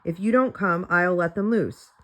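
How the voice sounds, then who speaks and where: A woman voicing an irritable, suspicious and crafty old man who barks orders in a gruff way. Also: fairly low pitch, normal speed, a bit bright, natural voice.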